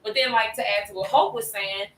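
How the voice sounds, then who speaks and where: A woman's voice: a little high, steady tone, brisk, a bit bright. A woman in a casual group discussion, speaking emphatically and animatedly with salty slang. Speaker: panel guest. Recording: roomy, distant mic with faint noise.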